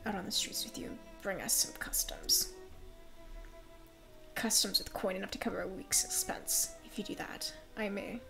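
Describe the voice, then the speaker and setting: A woman voicing a scheming older male master of a dancing troupe in a slow, hushed, whispery drawl. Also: medium pitch, fairly even intonation, gravelly, soft background music. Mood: menacing whisper.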